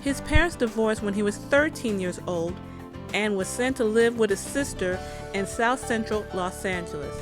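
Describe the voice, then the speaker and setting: A woman's voice: medium pitch, expressive, normal speed. A woman hosting an entertainment show, narrating a music tribute segment in a conversational way with a few fillers and restarts. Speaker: show host.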